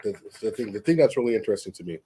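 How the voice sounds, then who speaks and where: A man's voice: fairly low pitch, lively intonation, rapid-fire, dark tone, slightly rough. A man with family roots in Texas, co-hosting an interview on a video call, talking in emphatic, rambling bursts full of restarts. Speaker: co-host. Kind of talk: casual interview chat.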